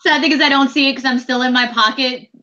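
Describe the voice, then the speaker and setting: A woman's voice: high-pitched, quick pace, highs cut off. A woman player joking casually during a tabletop game. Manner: joking, animated.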